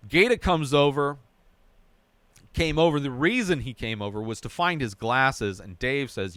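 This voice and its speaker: A man with a smooth, resonant voice, telling the plot of a TV episode on his podcast in loose, chatty runs. He keeps checking in with the listener with a quick "right?". The sound is close and dry. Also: medium pitch, expressive, fairly bright tone, dry recording. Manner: narrates plot in a run-on way, often adding "right?". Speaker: podcast host recapping a TV episode. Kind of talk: casual episode recap.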